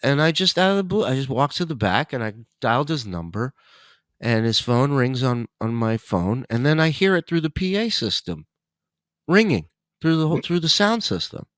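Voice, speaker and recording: Casting: male podcast guest, animated raunchy storyteller, dead-dry studio sound. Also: mid-range voice, normal speed, no room sound. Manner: animated, profane, laughs while telling stories. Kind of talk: casual storytelling.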